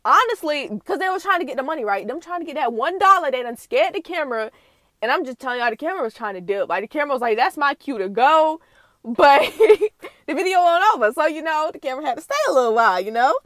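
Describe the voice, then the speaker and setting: Young woman w a high voice chatting slangy about a video, dry close sound. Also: expressive, quick pace, a bit bright, dry recording. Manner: chatty, slangy, laughs often. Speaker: reaction channel host. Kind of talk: casual reaction recap.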